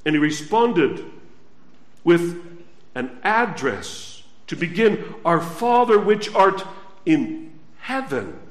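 Man, sermon, high-pitched, unhurried, dramatic swells, echoey. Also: very animated. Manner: slow, emphatic preaching with dramatic swells and hushed drops. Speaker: preacher. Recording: echoey room.

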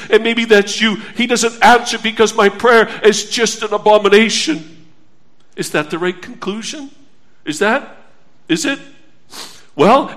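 A man preaching a sermon as pastor, earnest and pleading, moving between hushed stillness and urgent appeals. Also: high voice.

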